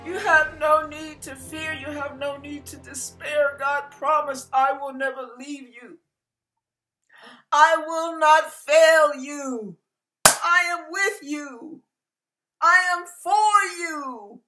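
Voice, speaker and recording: A woman's voice: high-pitched, takes it slowly, sharp tone, soft background music. A woman giving an emotional devotional sermon, fervent and emphatic, at times tearful. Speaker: devotional speaker.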